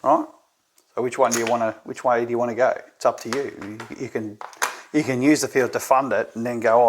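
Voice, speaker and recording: A man's voice: mid-range voice, fairly even intonation, quick pace. A man with an Australian accent, hosting a tabletop game tutorial and thinking aloud, often checking in with "right?". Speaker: gambling strategy presenter.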